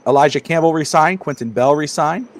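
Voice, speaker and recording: A man co-hosting a casual sports podcast who tells stories in a quick, animated, rambling way. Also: fairly high pitch. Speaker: podcast co-host.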